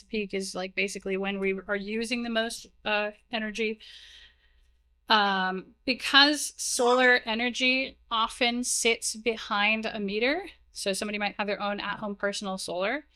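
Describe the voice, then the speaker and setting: A woman's voice: mid-range voice, sharp tone, smooth. A young adult woman giving a casual technical talk at a conference, chatty and self-deprecating, full of "like" and "um" fillers. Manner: chatty, heavy use of "like" and "um", self-deprecating asides. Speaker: conference speaker. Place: conference room, live talk. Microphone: stage mic, moves away while walking to slides.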